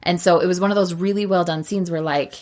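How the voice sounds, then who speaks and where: A woman's voice: fairly low pitch, steady tone, fast talker, a little mellow. A woman co-hosting a podcast, chattily retelling a film's plot and acting out the characters' lines. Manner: chatty, frequent "like" and laughter. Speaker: podcast co-host. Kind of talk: casual film recap chat.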